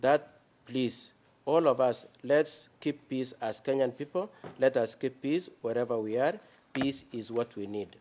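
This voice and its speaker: Measured defence lawyer in court. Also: male voice, medium pitch, a little mellow. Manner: measured, reads quoted text aloud. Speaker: defence counsel. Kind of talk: formal courtroom address.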